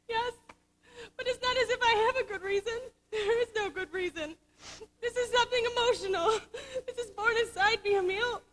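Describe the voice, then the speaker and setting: A woman's voice: very high-pitched, normal speed, a bit bright, low-quality recording. A teenage girl acting as an emotional young Navy nurse in a school musical on stage, pleading and stammering. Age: late teens. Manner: breathless, emotional, stammering pleas. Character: young female Navy nurse, bubbly yet torn. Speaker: student actor in a school musical.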